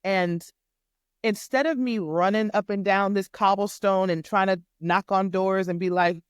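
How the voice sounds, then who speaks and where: A woman guest on a podcast, a life coach, telling a faith testimony in an animated, emphatic way and acting out the dialogue. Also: mid-range voice, unhurried, clear, resonant tone, no room sound, studio quality. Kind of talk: faith testimony storytelling in casual chat.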